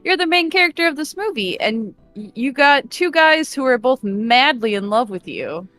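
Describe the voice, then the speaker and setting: Woman doing a nosy, teasing young girl; lively, quick questions. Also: high-pitched, dry recording, faint music behind. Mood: scheming. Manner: rapid-fire questions, teasing. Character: cheerful nosy young girl, pushy and playful.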